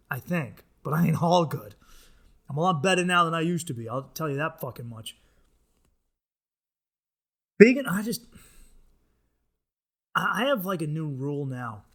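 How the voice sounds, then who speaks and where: A man hosting his comedy podcast, ranting in a profane, animated monologue. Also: a little high.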